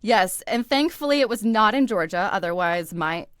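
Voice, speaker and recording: A woman's voice: mid-range voice, lively intonation, moderate pace, clear, resonant tone, dry recording. A young woman from the American South with a neutral American accent, chatting and laughing often as a podcast guest who narrates audiobooks. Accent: General American. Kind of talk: casual chat.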